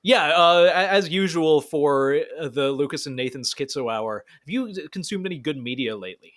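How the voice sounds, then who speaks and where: Hesitant Irish podcast host, a bit higher. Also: male voice, lively intonation, moderate pace, a bit bright. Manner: hesitant, filler-heavy, laughs along. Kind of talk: casual podcast chat.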